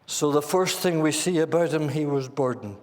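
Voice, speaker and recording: A man's voice: a little high, normal speed. A man with a Northern Irish accent preaching a sermon in a church meeting hall, earnestly putting questions to his listeners.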